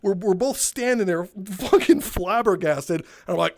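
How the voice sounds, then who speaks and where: Young male host, high voice, animated, laughs and curses while telling the story. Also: moderate pace. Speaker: gaming video host telling a retail story. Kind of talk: casual storytelling over gameplay.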